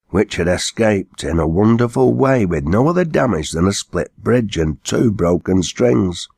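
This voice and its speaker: A man narrating an old dialect story, reading it aloud in a steady storytelling way. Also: deep voice, breathy edge, no room sound, clean studio sound.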